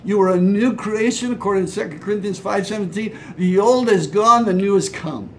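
A man with a rather high voice gives a short devotional sermon. He preaches in a conversational way and sometimes acts out imagined replies. A faint low rumble sits behind him. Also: a little fast, a bit bright. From Hawaii. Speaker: pastor.

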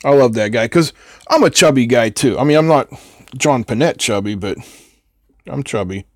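A man's voice: mid-range voice, lively intonation, normal speed, no echo, clean studio sound. An older man hosting a live electronics build who chats casually and rambles, answering viewers between soldering steps. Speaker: host of an electronics build stream. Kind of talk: casual chat while soldering.

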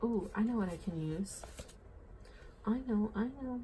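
A woman's voice: medium pitch, measured pace, mellow, a little hiss or hum. A young woman chatting casually while she fills in her planner, rambling and bubbly, saying "like" and "oh my gosh" often. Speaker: planner vlogger. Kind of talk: casual chatty plan-with-me vlog.

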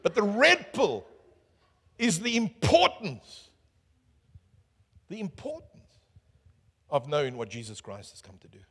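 A man preaching a sermon as pastor, swinging from booming calls to hushed asides and asking the crowd questions. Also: wildly swooping pitch, a little slow, pauses often, husky. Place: church hall. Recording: echoey church hall.

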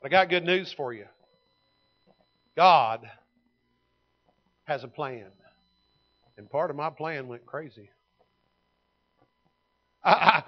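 High-voiced preacher in his fifties. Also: lo-fi sound. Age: 50s. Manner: folksy storytelling preacher, swings from loud to hushed. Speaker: pastor. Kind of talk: sermon. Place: church sanctuary.

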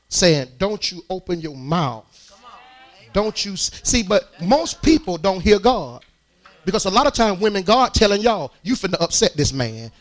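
A man preaching a sermon in church, speaking. He talks to the congregation in a conversational, animated way and builds to loud, strained peaks. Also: high voice. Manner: rises into shouted, strained peaks.

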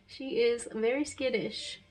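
A woman vlogging about her pet tarantula, talking softly and breathlessly with lots of fillers. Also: a little high, steady tone, slow, faint music behind. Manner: breathless and emotional, soft-spoken with frequent fillers. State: out of breath from excitement. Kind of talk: excited casual vlog narration.

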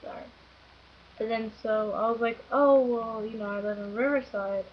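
A young woman chats on in a rambling, giggly way, full of "like" and "you know," her voice sitting a little high. The sound is dull and lo-fi, as from an old webcam mic. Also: steady tone, moderate pace, a little hiss or hum. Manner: rambling, filler-heavy, giggly. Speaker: vlogger. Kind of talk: casual storytelling.

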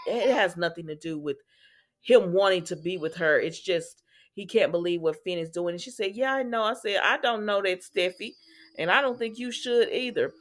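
Chatty woman recapping a soap opera. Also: on the low side. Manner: chatty, animated retelling with asides to viewers. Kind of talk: casual chat.

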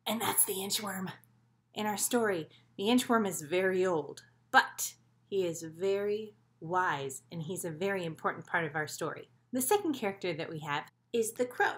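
A woman teaching a children's story movement lesson in an animated, encouraging way. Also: medium pitch, moderate pace.

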